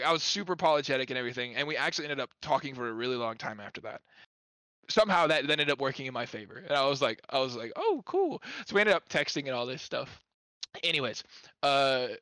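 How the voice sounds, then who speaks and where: Bright-voiced young man telling stories. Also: mid-range voice, no room sound. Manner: rambling, many "like" fillers, laughing through his stories. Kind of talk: casual storytelling among friends.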